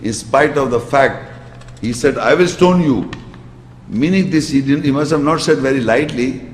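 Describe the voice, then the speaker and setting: A man's voice: medium pitch, moderate pace, a little hiss or hum. A man giving an emphatic religious lecture and reciting Arabic verses. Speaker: Islamic lecturer. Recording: echoey hall reverb.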